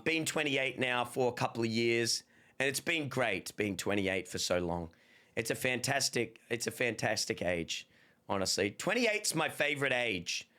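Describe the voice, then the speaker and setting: A man, chatting casually and telling rambling stories on a livestream with lots of slang. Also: mid-range voice. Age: 30s. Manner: rambling, animated storytelling with playful slang. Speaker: streamer.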